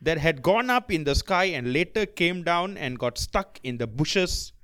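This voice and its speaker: A man co-hosting a casual podcast, his voice lively and swinging widely in pitch as he tells the story. He acts scenes out and trips over quick restarts, and he sits a little higher than most men. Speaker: podcast co-host.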